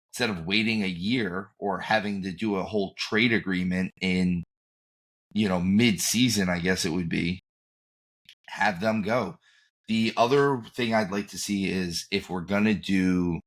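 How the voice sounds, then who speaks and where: A man co-hosting a podcast, easygoing and thinking out loud with lots of fillers. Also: deep voice. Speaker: podcast co-host. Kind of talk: casual chat.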